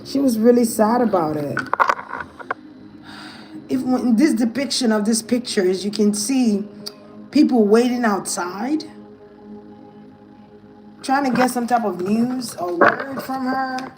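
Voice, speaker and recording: A woman's voice: a little high, slow pace, long pauses, music in the background, poor audio. A woman giving a casual tarot reading, thinking aloud in a hesitant, musing way. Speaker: tarot reader.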